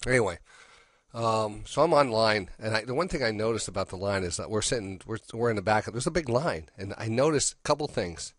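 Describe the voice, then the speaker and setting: A man's voice: fairly low pitch, lively intonation, brisk, a bit bright, no room sound, studio quality. A middle-aged man hosting a radio show, telling a rambling personal story full of restarts and quoted dialogue. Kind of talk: casual storytelling.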